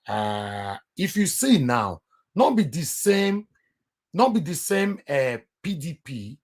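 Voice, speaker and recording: A man with a Nigerian Pidgin accent talking politics in casual chat, calm and measured. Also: on the high side. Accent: Nigerian Pidgin English.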